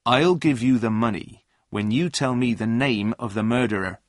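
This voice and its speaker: A man voicing a steady young man who speaks firmly and in a measured way. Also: medium pitch, dry recording, studio quality, lightly acted. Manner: firm, measured speech. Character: steady, firm young man, calm leader.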